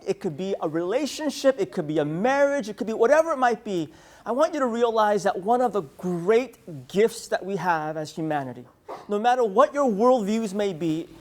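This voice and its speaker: A man in his thirties from San Francisco, giving a humorous conference keynote with storytelling and playful asides to the audience. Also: sits high. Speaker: keynote speaker. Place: conference hall.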